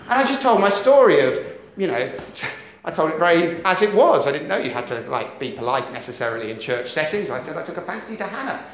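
A middle-aged man preaching a sermon in a lively, conversational way, often checking that his listeners follow. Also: fairly high pitch, fast talker, slight background noise. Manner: lively, conversational, keeps asking "does that make sense?". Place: church hall. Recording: echoey church hall.

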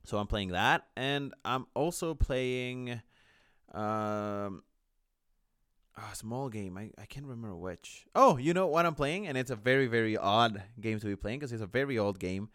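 A man co-hosting a gaming podcast, talking casually and pausing often to search for his words. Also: medium pitch, expressive, fairly bright tone, no echo, clean studio sound. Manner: hesitant, many fillers, searching for words. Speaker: podcast co-host.

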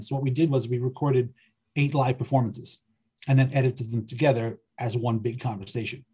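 Hesitant man with dark husky voice. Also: mid-range voice. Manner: hesitant, repeats words while thinking aloud. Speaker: filmmaker and writer guest. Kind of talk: conversational interview.

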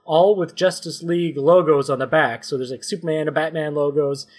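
A man from Canada narrating a comedic story game as game master, laying out scenes slowly with mock suspense. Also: fairly high pitch, steady tone.

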